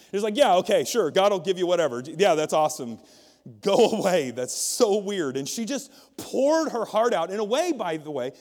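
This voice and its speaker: Man, pastor, sermon, joking and chatty, questions the congregation, high voice, church hall reverb. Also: a little mellow. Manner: humorous, conversational, quizzes the congregation. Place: church auditorium. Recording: long reverb of a large hall.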